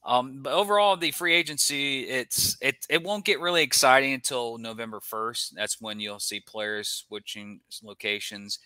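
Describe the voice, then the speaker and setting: A young man co-hosting a casual sports podcast, rambling with quick asides and chuckles. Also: fairly low pitch, bright, forceful tone, smooth, no echo. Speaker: podcast co-host.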